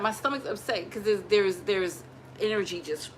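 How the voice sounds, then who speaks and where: A young woman talks straight to her viewers in a loose, chatty vlog, quick to laugh and animated. Her voice sits at a middle pitch, and a faint noise hangs behind her at home. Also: low-quality recording. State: pregnant. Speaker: vlogger. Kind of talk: casual chat to camera.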